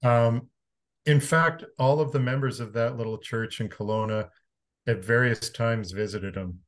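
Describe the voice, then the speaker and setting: A man from Canada, an interview guest, telling a personal story in a frank, conversational way, swearing casually and moving between calm and emphatic. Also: mid-range voice, measured pace.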